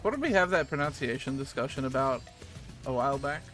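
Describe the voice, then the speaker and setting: A New Zealand man chats casually on a game stream, rambling with fillers and casual swearing while music plays behind him. His mid-range voice is animated and he talks fast.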